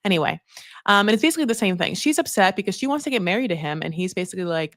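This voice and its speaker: A woman's voice: mid-range voice, lively intonation, very fast, a bit bright, no room sound, studio quality. A woman hosting a casual reality TV recap, chatty and sassy, swearing freely and calling people honey. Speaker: TV recap host.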